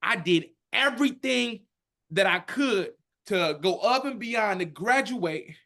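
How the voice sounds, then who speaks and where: A man in his thirties, a podcast guest, telling his story in an animated, emphatic way and acting out quotes in his own voice. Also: high-pitched, slow pace, gravelly. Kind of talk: emotional personal storytelling.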